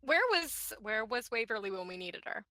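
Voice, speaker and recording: A woman's voice: on the high side, moderate pace, no echo. A woman player chatting casually and laughing often over a voice call about a tabletop game. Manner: giggly, animated storyteller.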